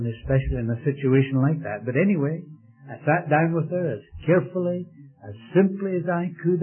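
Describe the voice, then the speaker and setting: A male preacher pleading earnestly in a sermon, then leading a prayer. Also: mid-range voice. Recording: tinny phone-like old radio recording with faint music.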